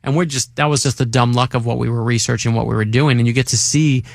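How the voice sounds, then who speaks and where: A male author being interviewed in a radio studio, an excited storyteller who acts out quotes. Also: mid-range voice, fast talker, vocal fry, dry recording. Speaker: author guest. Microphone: studio microphone.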